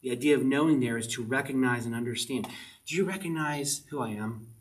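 A man's voice: mid-range voice, a little fast. A man preaching a sermon as pastor, earnest and driving his point home with short repeated commands. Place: church service. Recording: voice a bit distant from the mic.

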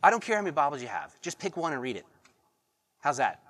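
A pastor preaching a sermon, reading verses and pressing the congregation with rhetorical questions and repeated phrases. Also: male voice, on the high side, big pitch swings, fast talker, a bit bright.

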